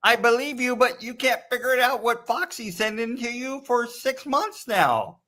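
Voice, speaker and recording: A man's voice: very high voice, expressive, moderate pace, sharp tone. A man in his sixties hosting a casual live stream chat, teasing his friends. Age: 60s. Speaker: host.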